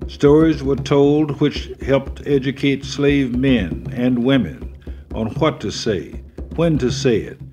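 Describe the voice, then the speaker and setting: A man narrating a documentary in a measured, deliberate way. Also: mid-range voice, a little mellow. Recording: music and drums behind.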